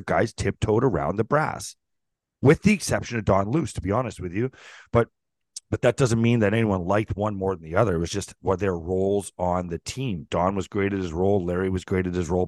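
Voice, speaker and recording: A middle-aged man with a very low voice spins animated stories in a casual podcast chat. He swears freely and acts out the quotes. The recording is dry and close. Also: dry recording. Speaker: podcast co-host, former pro hockey player.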